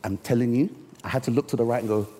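A man preaching a sermon, telling a story and slowing down to stress key words. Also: medium pitch, dark tone, slight background noise. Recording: long reverb of a large hall.

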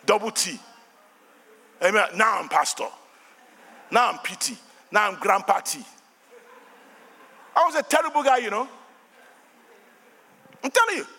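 His high voice is slightly rough, with lively intonation, an unhurried pace and frequent pauses. He's an older Nigerian-accented pastor preaching fervently in a church hall with long reverb, using shouted refrains and call-and-response.

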